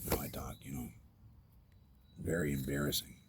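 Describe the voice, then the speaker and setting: A man's voice: very deep voice, steady tone, moderate pace, slight background noise. A man talking in a rambling, self-deprecating vlog monologue, often dropping to a whisper, recorded outdoors at night.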